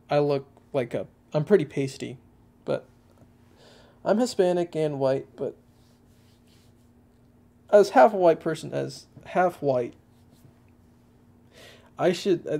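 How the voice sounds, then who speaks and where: Young man, Texan accent, gravelly, mellow tone, casual livestream chat, rambling with fillers. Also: mid-range voice. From Texas. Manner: rambling, hesitant, many fillers and restarts. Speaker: livestream host.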